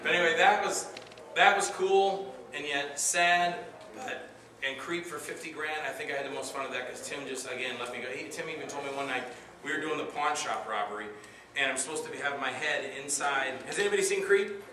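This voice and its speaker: Man, convention Q&A, somewhat high voice, animated storyteller, distant mic, noisy echoey hall. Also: brisk. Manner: excitable, acts out dialogue with loud outbursts. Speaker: actor answering audience questions.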